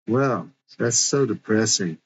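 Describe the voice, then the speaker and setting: A man's voice: on the low side, expressive, slow. A man voicing an earnest, worried young woman eager to help, who speaks insistently, in a dull lo-fi recording.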